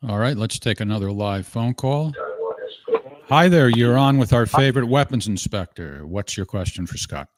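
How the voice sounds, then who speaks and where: A male host running a live call-in show, with a lively, up-and-down delivery and a dry, close sound. He reads listener questions briskly, with a joking touch. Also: medium pitch, no echo.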